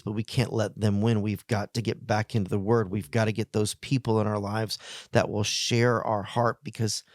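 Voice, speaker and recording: A man's voice: on the low side, dry recording. Earnest male pastor, dry close sound. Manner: earnest and plainspoken, with emotional pauses. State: emotional. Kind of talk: heartfelt pastoral message to men.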